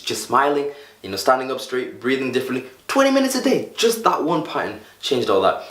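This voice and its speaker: A man's voice: mid-range voice, echoey room. A man coaching viewers on how to feel better, talking animatedly, repeating phrases and acting out examples. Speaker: self-help coach. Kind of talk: motivational talk to camera.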